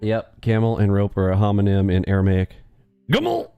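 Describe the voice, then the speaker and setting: A man's voice: fairly low pitch, little pitch movement, a little fast, smooth, lo-fi sound, soft background music. A man hosting a live trading stream in casual chat, joking and rambling with playful sound effects.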